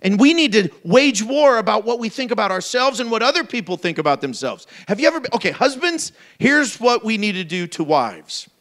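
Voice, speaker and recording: A man with a high voice preaches an animated sermon. He slips into playful put-on voices and jokes along the way, keeping the tone lively and conversational. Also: fairly quick, hardly any pauses. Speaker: pastor.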